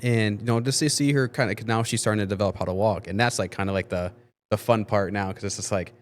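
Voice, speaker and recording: A man's voice: fairly low pitch, steady tone, quick pace. A man talking as a guest on a podcast, rambling casually with lots of fillers and frequent swearing. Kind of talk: casual conversation.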